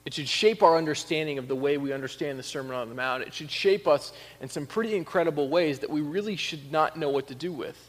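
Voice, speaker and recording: Male preacher, fairly high voice, conversational sermon with emphatic peaks, long hall reverb. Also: fast talker, hardly any pauses. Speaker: pastor.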